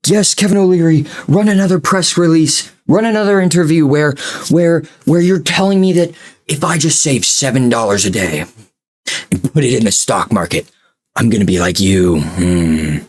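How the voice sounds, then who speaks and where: A young man ranting as a YouTube commentator, sarcastic and exasperated, swinging between loud outbursts and low mutters. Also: expressive, normal speed. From United States.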